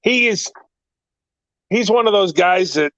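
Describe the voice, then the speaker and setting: A man telling wrestling stories in a casual chat, excitable and rambling, his pitch jumping up in the story. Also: takes it slowly, clean tone, no room sound, muffled recording. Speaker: guest, actor and former wrestling manager.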